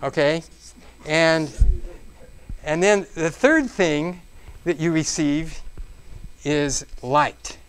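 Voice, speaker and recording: A man's voice: a little high, drawn-out words, pauses often, smooth. A man presenting a business seminar to a live audience in a room, talking interactively and checking in with the listeners again and again. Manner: interactive, checks in with frequent "okay?"; animated, acts out exclamations.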